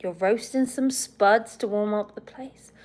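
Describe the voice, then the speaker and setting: Slow-talking chatty woman live-streaming. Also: mid-range voice, darkish tone. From England. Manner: chatty and giggly, talking to viewers and her bird. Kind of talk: casual live-stream chat.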